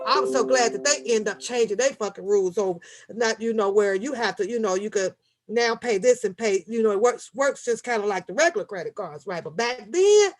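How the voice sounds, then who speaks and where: A woman in her thirties who rants and tells stories to her viewers, swearing freely and sounding animated. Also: fairly high pitch. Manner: profane, animated, talks straight to viewers. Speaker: vlogger. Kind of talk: casual storytelling rant.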